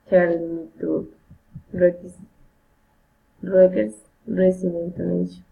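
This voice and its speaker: A woman reading English pronunciation drills aloud, word by word, carefully and haltingly, often repeating words. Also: on the low side, flat delivery, vocal fry, a little hiss or hum. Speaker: English learner. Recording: tinny phone-like recording.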